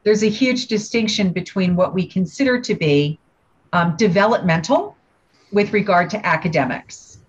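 Woman telling animated stories. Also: mid-range voice, normal speed, breathy edge. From United States. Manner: animated, acts out the voices in her stories. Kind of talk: personal storytelling in conversation. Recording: dull lo-fi sound.

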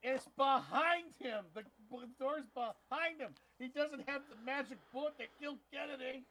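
Bright, high-voiced joking man. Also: rough recording. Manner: quick interjections, jokey. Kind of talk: casual movie review chat.

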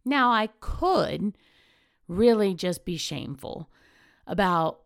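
A woman's voice: mid-range voice, expressive, slow, gravelly, no room sound, clean studio sound. A middle-aged woman, hosting a casual motivational monologue as a chatty, candid, self-mocking storyteller. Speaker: podcast host.

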